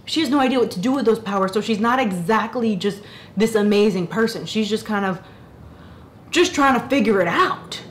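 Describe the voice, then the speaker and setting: An animated young woman chatting about books in a rambling, self-interrupting way. Her pitch sits mid-range, and there is a faint hiss under her voice. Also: a little fast. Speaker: book reviewer. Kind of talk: casual chat.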